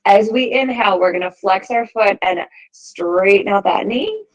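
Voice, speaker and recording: Calm woman guiding a yoga class. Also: mid-range voice, moderate pace, lo-fi sound. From United States. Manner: calm, encouraging cues timed to the breath. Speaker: yoga teacher. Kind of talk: guided yoga class instruction.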